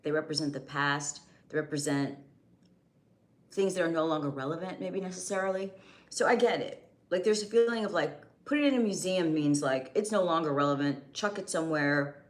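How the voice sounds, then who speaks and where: Young woman live streamer, lowish pitch, a little strained, chatty and loose. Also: a little fast. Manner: chatty, greets viewers by name, restarts sentences. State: voice going, slightly strained. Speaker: livestream host. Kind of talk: casual live stream chat.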